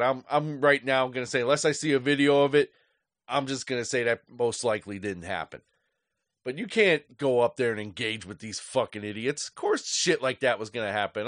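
A man's voice: mid-range voice, fairly bright tone, no echo, clean studio sound. Angry profane man ranting on a podcast. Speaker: podcast host. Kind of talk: solo podcast rant.

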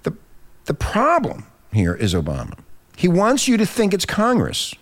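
A man hosting a political talk radio show, emphatic and animated, reading from a text between remarks. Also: normal speed. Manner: animated, emphatic, swinging from low grumble to high exclaim; reads aloud from a written text between remarks.

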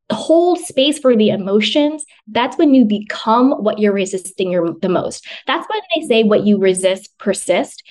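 A woman's voice: fairly high pitch, a little mellow. A woman guest on a podcast, talking earnestly about self-love and often repeating phrases for emphasis. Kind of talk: conversational self-help advice.

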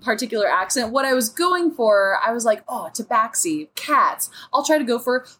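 A woman's voice: fairly high pitch, lively intonation, a little fast, a bit bright, slight background noise. A woman co-hosting a casual podcast chat about tabletop role-playing, talking in a chatty way with many fillers. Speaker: podcast co-host.

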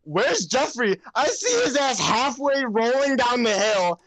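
A young man co-hosting a podcast, telling stories in a loud, animated way, full of swearing and laughter. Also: very high voice, unhurried, a crowd in the background. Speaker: podcast co-host. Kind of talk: casual chat.

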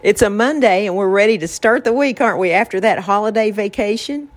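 A woman's voice: mid-range voice, fairly quick. A woman hosting a podcast, talking in a reflective, casual way about faith and getting through hard times. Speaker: podcast host.

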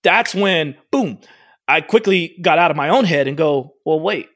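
A man's voice: on the high side, normal speed, no room sound. A man who runs a fitness studio tells a personal story casually, with lots of "like" and acted-out dialogue. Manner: animated, acts out quoted dialogue, frequent "like". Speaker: fitness studio owner and trainer.

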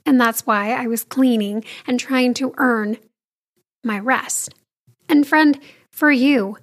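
A woman with a high, light voice speaks in a casual, confiding way, as if telling a friend about her week. She talks straight to her viewers and calls them friends. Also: slow. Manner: warm, confiding, addresses listener as friend. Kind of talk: casual talk to camera.

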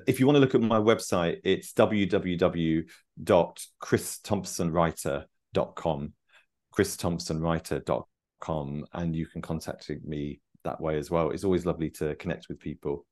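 A man's voice: low voice, moderate pace, a little mellow. A man, a playwright guest on a podcast, chatting in a friendly way and spelling things out carefully. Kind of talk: casual interview chat.

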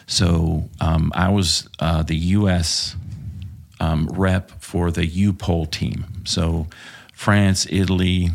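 On a casual storytelling podcast, a Texan ex-cop swaps war stories, swearing liberally and meandering with lots of filler words. He speaks slowly in a low, level voice with vocal fry.

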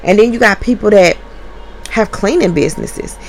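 A woman, a stay-at-home mother talking straight into her podcast mic at home. She is blunt and profane, pitch leaping up when she gets heated. A faint hum of noise sits under her voice. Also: normal speed, a little mellow. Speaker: podcast host. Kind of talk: candid monologue.

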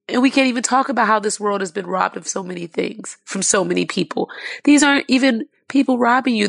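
A woman guest telling an emotional personal story, impassioned and near tears, with many fillers and halting restarts. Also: medium pitch, gravelly, no echo.

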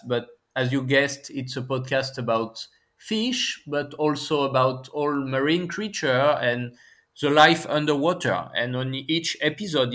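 A man's voice: mid-range voice, fairly bright tone. A man from France with a French accent, a guest in an interview, explaining earnestly with many fillers. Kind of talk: conversational interview. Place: Paris, lives there.

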